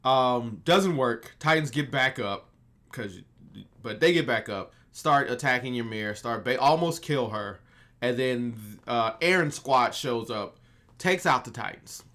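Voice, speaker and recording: A man casually recapping anime episodes in a rambling, animated way, laughing often. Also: medium pitch, a little slow. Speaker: anime reviewer.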